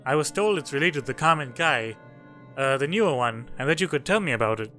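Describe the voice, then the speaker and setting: A man's voice: medium pitch, lively intonation, brisk, pushed and bright. A man voicing a young woman detective in his own plain voice, reading her lines in a hesitant way, with faint game music behind. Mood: guarded.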